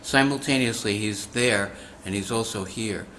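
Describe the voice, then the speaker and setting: Calm man explaining with faint noise behind. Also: on the low side, normal speed. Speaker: class participant. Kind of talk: explaining in a devotional class.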